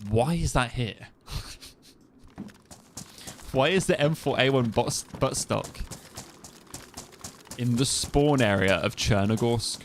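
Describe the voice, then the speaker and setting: At a slow pace with long pauses, this medium-pitched young man from the East Midlands talks through his game stream in his local accent, with a little hiss or hum behind him. His chatter is loose and rambling, often trailing away before he restarts.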